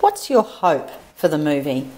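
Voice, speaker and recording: A woman's voice: low voice, huge pitch swings, unhurried, a little mellow, rough recording. A woman hosting a podcast, asking thoughtful, probing questions. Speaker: podcast host. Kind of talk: interview questions.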